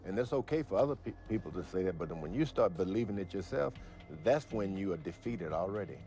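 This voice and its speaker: A man's voice: low voice, animated, fast, mellow, soft background music. An older man, a former boxer, answering interview questions with folksy, reflective stories and a few fillers.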